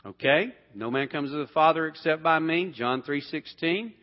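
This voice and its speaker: A Bible teacher with a voice on the high side leads an interactive class at a moderate pace, asking the group questions, repeating words and often restarting sentences. The sound is dull with long hall reverb.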